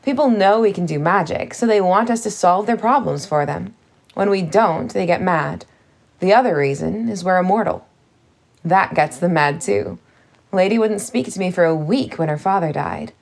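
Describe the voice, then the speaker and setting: A woman's voice: on the low side, animated, normal speed, gravelly. A woman voicing a bossy, motherly older fairy cook who talks brusquely and scolds. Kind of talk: audiobook character voice.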